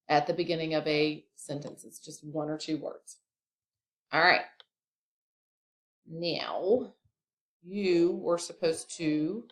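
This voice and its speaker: A woman's voice: on the low side, a bit bright. Chatty woman teaching a grammar lesson. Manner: chatty, explaining step by step with asides.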